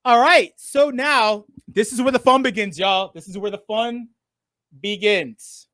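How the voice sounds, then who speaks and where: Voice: mid-range voice, unhurried, a bit bright, dry recording, clean studio sound. A game show host running a live online contest, playful and teasing, swearing freely and stalling by drawing words out.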